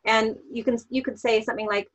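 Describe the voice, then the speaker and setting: A woman coach explaining parenting techniques calmly on a podcast, giving examples as she goes. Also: a little high, fast, rough recording. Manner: calm, explanatory, gives examples. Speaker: NLP coach guest. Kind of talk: podcast interview.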